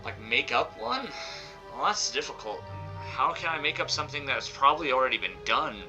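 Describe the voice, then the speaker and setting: A man's voice: medium pitch, sing-song, normal speed, dull audio. A man chatting playfully while live-streaming a video game, with a slightly squawky voice. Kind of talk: live gameplay commentary. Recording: game music behind.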